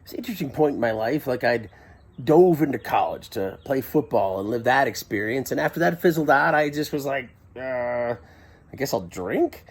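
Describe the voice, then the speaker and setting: Husky man telling a rambling story. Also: mid-range voice, expressive, fairly quick. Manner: rambling, self-interrupting, wry. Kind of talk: casual first-person storytelling.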